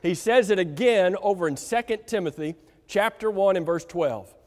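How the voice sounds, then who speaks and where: A man preaching a sermon to a congregation, emphatic and slowing down to stress key words, often asking them direct questions. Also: sits high. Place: church sanctuary. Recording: reverberant church hall.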